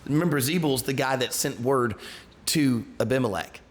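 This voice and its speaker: A man's voice: medium pitch, normal speed. A man who is a pastor leads a Bible study. He reads scripture aloud and then retells it in a loose, everyday way, with restarts and asides.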